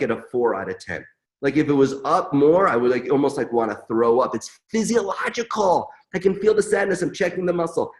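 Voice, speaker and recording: Earnest middle-aged male presenter, animated pitch, heartfelt and repetitive. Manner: earnest, emotive, repeats mantras. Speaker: webinar presenter. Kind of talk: emotional live demonstration.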